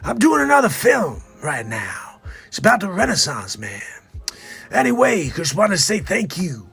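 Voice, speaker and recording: A man doing a comedic impression of an intense older film actor, bursting into raspy shouts. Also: high-pitched, wildly swooping pitch, normal speed, faint music behind, exaggerated voice.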